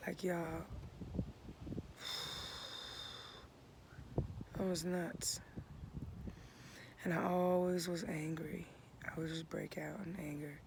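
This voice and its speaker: A man in his thirties talking in a laid-back, reflective vlog into a phone outdoors at home, often dropping into soft half-whispers. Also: a little high, monotone, extremely slow, creaky, pauses often. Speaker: vlogger. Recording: noisy outdoor recording.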